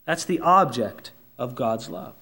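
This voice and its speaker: A man preaching a sermon, emphatic and dramatic, dropping to soft asides and then swelling on key words, and acting out the voices he quotes. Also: medium pitch, lively intonation, measured pace, vocal fry, husky. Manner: emphatic, swinging between loud stresses and soft asides.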